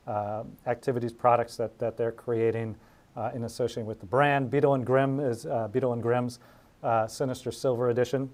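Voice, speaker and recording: A man's voice: mid-range voice, darkish tone. A man hosting a casual chat, easygoing and talkative, often laughing. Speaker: host.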